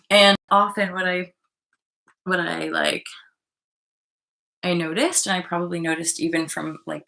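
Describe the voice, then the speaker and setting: A woman's voice: lowish voice, a bit bright. A woman hosting a live online stream, talking passionately in a rambling way, swearing and reading out viewer comments.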